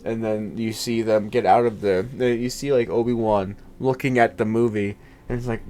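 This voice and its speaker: A man's voice: fairly low pitch, fairly even intonation, moderate pace, mellow, soft background music. A man chatting casually as a host, rambling with lots of fillers and jokes. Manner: rambling, filler-heavy, joking. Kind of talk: casual chat.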